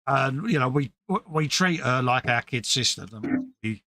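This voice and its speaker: A man's voice: mid-range voice, expressive, normal speed, sharp tone, no room sound, clean studio sound. A British man co-hosting a casual late-night chat, bantering and telling stories with acted-out quotes. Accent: British English. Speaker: co-host.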